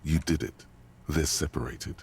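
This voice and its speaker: A man's voice: rumbling low, unhurried, breathy edge, full character voice. A man giving grave, ominous scripted narration as a detective's inner voice in a video game.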